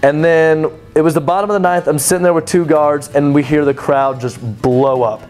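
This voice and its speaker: A young man casually telling a personal story, animated and chatty, full of "like" and laughing at himself. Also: on the high side, moderate pace, faint music behind. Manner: animated, chatty, many "like" fillers, laughs at his own story.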